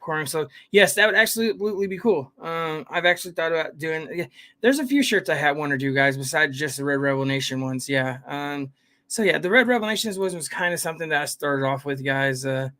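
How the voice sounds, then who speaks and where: Man, livestream host, slightly high voice, rambling casual chat, greets viewers by name. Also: expressive, a little fast, bright, forceful tone. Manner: rambling, greets viewers by name, keeps saying "guys" and "fam". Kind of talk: casual live chat, reading viewer comments.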